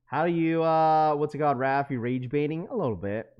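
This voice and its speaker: This young livestream host speaks briskly and smoothly, with the highs cut off in the audio. He reads out viewers' comments and trades slang-filled banter, growing loud and high-pitched whenever he gets worked up.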